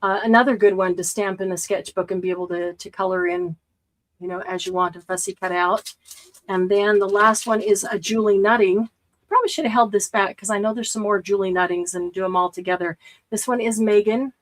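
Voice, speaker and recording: A woman's voice: mid-range voice, fairly even intonation, brisk, poor audio. A woman hosting a casual live-stream craft sale, chatting as she shows items and counts stock.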